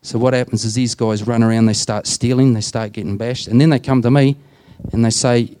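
A man's voice: mid-range voice, steady tone, a little fast, mellow, a little hiss or hum. A man with an Australian accent, a prison chaplain telling plain-spoken stories to a group and retelling conversations. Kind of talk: storytelling talk to a group.

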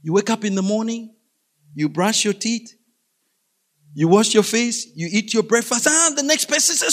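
A male preacher from Africa with a notably high voice. He tells his story animatedly, acting out scenes and breaking into sudden shouts. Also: moderate pace. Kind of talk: storytelling sermon.

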